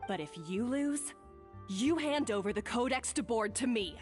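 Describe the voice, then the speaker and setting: A woman's voice: fairly high pitch, expressive, normal speed, a little mellow, faint music behind, close to an everyday voice. A woman playing a poised young chef. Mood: resolute. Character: poised young female chef accepting a challenge. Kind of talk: video game voice acting.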